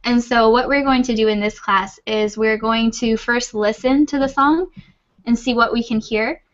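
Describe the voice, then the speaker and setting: A woman's voice: fairly high pitch, steady tone, normal speed, dull audio. A woman teaching an English class over a video call, patient and reassuring. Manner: patient, reassuring, laughs often. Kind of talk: online class, friendly explaining.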